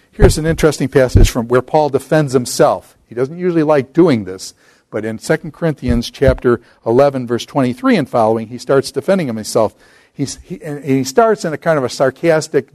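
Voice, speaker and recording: A man's voice: medium pitch, animated, a little mellow, no room sound. Man teaching the Bible in a dry room. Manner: conversational, slows and lifts voice to read scripture aloud. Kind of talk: informal Bible lecture.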